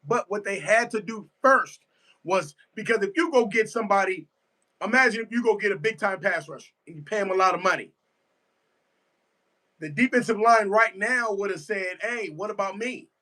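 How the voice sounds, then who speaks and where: A man's voice: sits high, normal speed, bright, forceful tone. A man giving a casual live reaction to a football game, emphatic and repetitive, answering his chat as he goes. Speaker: sports fan streamer.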